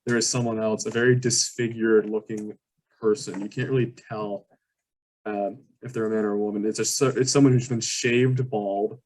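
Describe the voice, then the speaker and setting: A man's voice: fairly low pitch, little pitch movement, normal speed, darkish tone, slight background noise. A man narrating as game master of a tabletop game, describing scenes with many fillers and restarts.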